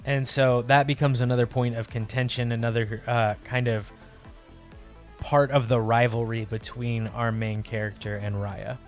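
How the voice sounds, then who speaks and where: A young man chatting casually on a live art stream, rambling warmly about a character and greeting viewers by name. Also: mid-range voice, little pitch movement, moderate pace, soft background music. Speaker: livestream artist.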